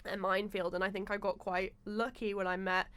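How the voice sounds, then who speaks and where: A young woman chatting as a podcast guest, telling lively stories full of fillers and acted-out quotes. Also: medium pitch, fairly quick, smooth. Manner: animated storyteller, acts out quotes with many fillers. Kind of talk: casual chat.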